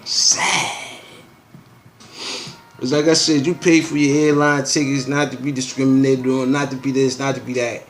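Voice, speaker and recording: A man's voice: medium pitch, little pitch movement, normal speed, a little hiss or hum. A man hosting his own show, reading news headlines and riffing on them in a loose, slangy, rambling way. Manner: loose and slangy, with frequent asides and filler phrases. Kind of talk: casual rambling news commentary.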